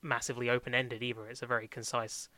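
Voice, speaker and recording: A man's voice: mid-range voice, level tone, fast talker, pushed and bright. A young man chatting casually about TV shows as a podcast co-host, rambling with lots of fillers, restarts and laughs. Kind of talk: casual chat reviewing TV shows.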